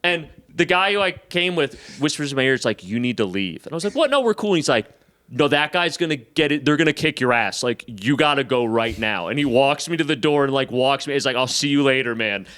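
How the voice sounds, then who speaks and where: A man's voice: medium pitch, brisk, smooth. A stand-up comedian, a man, telling a profane, self-mocking story in casual chat, acting out the other people in raised voices. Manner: animated, acts out quotes in raised voices. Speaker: stand-up comedian, podcast guest.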